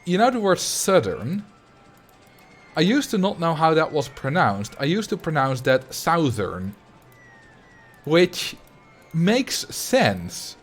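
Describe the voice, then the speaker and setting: A man with a Dutch accent chatting casually while he livestreams a game, rambling and thinking out loud at a desk mic. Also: fairly high pitch, very animated, unhurried, soft background music. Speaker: streamer.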